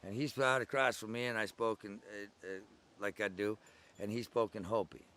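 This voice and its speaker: At a moderate pace, an older man tells oral-history-style stories of his early days at the gathering, rambling conversationally with digressions. His lowish voice stays steady and has a fairly bright tone.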